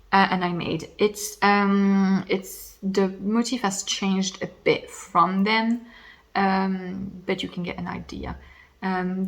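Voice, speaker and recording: A woman's voice: medium pitch, fairly bright tone. A woman hosting a knitting podcast in casual, rambling chat at home, slightly losing her voice, with self-deprecating asides.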